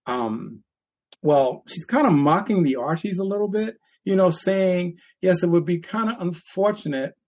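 This co-host speaks at medium pitch with a breathy edge. Chatting casually on the podcast, he tells animated stories and performs quotes with a laugh.

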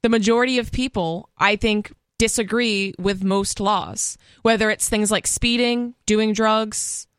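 A woman's voice: mid-range voice, steady tone, a little slow, hardly any pauses, clear, resonant tone, no echo, studio quality. A woman co-hosting a casual talk radio show, giving blunt, short replies. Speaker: radio co-host. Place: radio studio.

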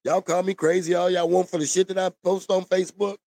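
Man ranting to camera, profane and preachy, high gravelly voice, dry sound. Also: little pitch movement, fast, warm tone, no echo. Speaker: vlogger. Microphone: camera mic.

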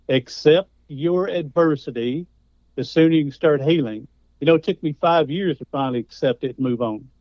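A man's voice: a little high, no room sound, muffled recording. A man, a guest speaker and author telling stories in a folksy, conversational way. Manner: folksy storytelling. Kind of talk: conversational interview.

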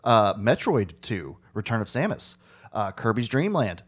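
A man co-hosting a casual gaming podcast, relaxed and teasing, reading through lists of titles with fillers. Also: on the low side, measured pace, slightly rough. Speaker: podcast co-host.

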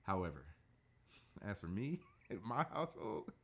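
A man's voice: on the low side, big pitch swings, moderate pace, a bit bright. A man hosting a casual sports podcast, rambling with fillers and swearing freely.

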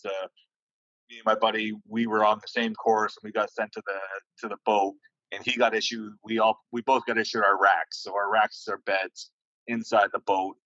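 A man with a lowish voice tells navy stories in a loose, rambling way, peppered with swearing and lots of "uh"s and restarts. The sound is dry and a bit dull, like a lo-fi recording. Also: fairly bright tone, dry recording. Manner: rambling, profane, many fillers and restarts. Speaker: podcast guest, navy sailor. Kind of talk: casual storytelling.

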